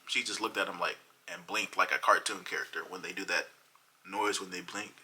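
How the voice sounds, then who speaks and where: A man tells a funny story in a casual, animated way, with a low voice. His tone is very bright and forceful, with a husky edge. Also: a little fast, rough recording. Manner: animated, dramatic retelling. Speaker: vlogger.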